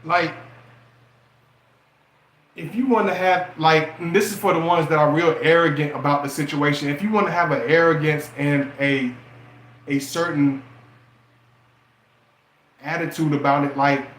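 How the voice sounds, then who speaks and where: A man giving casual relationship advice in a preachy, animated way, firing off rhetorical questions. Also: on the high side, a little slow, pauses often, roomy sound, a little hiss or hum. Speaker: relationship and astrology vlogger.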